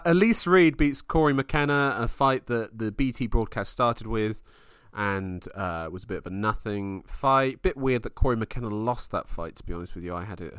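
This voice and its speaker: A man co-hosting a casual fight podcast, excitable, laughing often and swearing freely. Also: mid-range voice, smooth, no room sound, clean studio sound. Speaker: podcast co-host.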